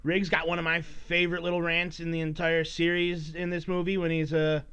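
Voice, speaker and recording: A man's voice: a little high, completely flat delivery, fairly quick, a bit bright, smooth. A man hosting a casual solo podcast, rambling and swearing while he teases his listeners. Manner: rambling, profane, mock-scolding his listeners. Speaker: podcast host. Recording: dull lo-fi recording.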